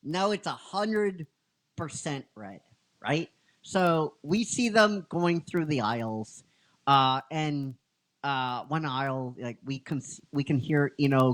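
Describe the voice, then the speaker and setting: A man's voice: fairly high pitch, fairly bright tone. A man casually retelling a fan-written story, rambling, laughing often and teasing his cohost. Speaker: storyteller narrating a fan script.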